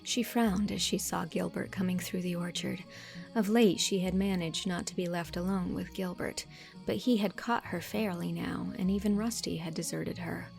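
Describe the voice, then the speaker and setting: A woman narrating a classic novel as an audiobook, reading in an expressive, measured storytelling manner. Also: fairly low pitch, gravelly, faint music behind. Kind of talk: scripted narration.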